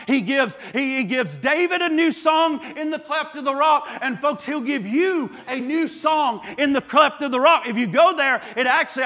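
A man with a very high, bright, forceful voice preaches a sermon. He builds his points through impassioned repetition in a pastor's cadence. His voice rings out with a long hall reverb.

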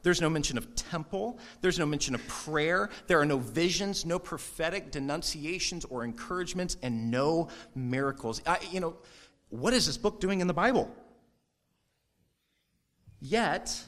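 A male pastor delivering a sermon in a lively, conversational way, breaking into quick asides. His voice sits a little high for a man. He now and then slips into short mock voices when he quotes people.

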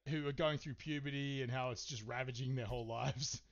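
A man's voice: mid-range voice, fairly even intonation, fairly quick. A man hosting a podcast, telling a story in casual chat, swearing and rambling with lots of fillers. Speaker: podcast host. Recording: slightly dull, muffled sound.

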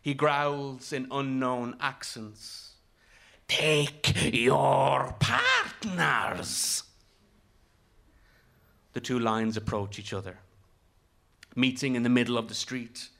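A man reads a literary story aloud at a slow, deliberate pace, letting each image land. His voice sits in an ordinary middle range, measured and rhythmic. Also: mid-range voice, level tone, a bit bright. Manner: measured and vivid, with rhythmic delivery. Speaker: narrator. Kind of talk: literary audiobook narration.

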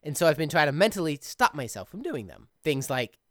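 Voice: mid-range voice, big pitch swings, fairly quick, a bit bright, no echo, clean studio sound. A podcast host who edits the show, chatting casually in long, reflective run-on thoughts. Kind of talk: casual chat.

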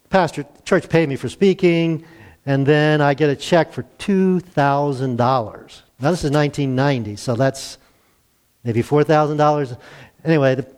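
A man's voice: fairly high pitch, a little mellow, clear, resonant tone. A man in his sixties preaching a conversational sermon, acting out the dialogue and chuckling now and then.

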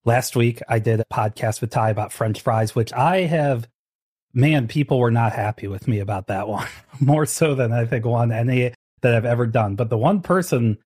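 A man's voice: medium pitch, moderate pace, darkish tone, husky, no echo, studio quality. A man hosting a podcast in casual chat, joking and laughing often. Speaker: podcast host.

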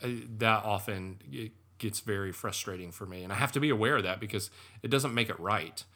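Casting note: male co-host, lowish pitch, bright and forceful tone, reflective, hesitant. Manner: reflective, halting with many fillers, laughs easily. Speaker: podcast co-host. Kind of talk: casual podcast conversation.

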